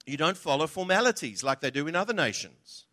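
A man's voice: a little high, sing-song, brisk, sharp tone. A man preaching a sermon in a conversational, humorous way, often asking the audience questions. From from outside Australia.

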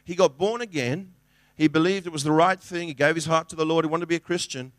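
A middle-aged man preaching to his congregation in an earnest, conversational way. His voice sits a little high for a man, and the sound is dry and close, with no room echo. He often restarts sentences and acts out little quotes. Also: fast. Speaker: pastor. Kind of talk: sermon.

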